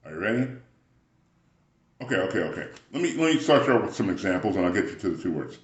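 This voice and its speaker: A man giving a rambling spiritual motivational talk, often clearing his throat as he muses. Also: sits low, very animated, fast talker, echoey room.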